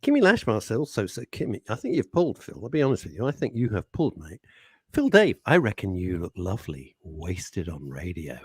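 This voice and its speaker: Male radio co-host, older, low voice with swooping intonation, teasing banter. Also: huge pitch swings, a little fast, husky, no room sound. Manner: teasing, reads out listener messages. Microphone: studio microphone.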